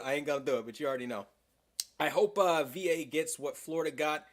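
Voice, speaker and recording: Young man, livestream host, slightly higher voice, fired up and profane, rambling with lots of fillers. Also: quick pace, a bit bright. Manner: heated, profane, rambling with many "like"s. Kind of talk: casual livestream chat.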